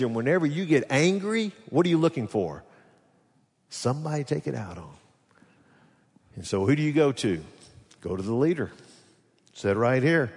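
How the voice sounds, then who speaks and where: A man preaching a sermon as pastor, animated, swinging between loud rises and quiet drops as he voices the people's complaints. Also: mid-range voice, husky. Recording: long hall reverb.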